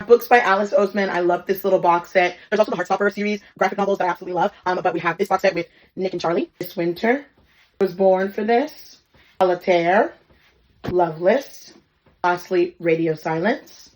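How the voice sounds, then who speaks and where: A woman in her twenties, a book influencer, giving quick, bubbly book recommendations to camera. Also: on the low side. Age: 20s. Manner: bubbly and quick, gushing over books.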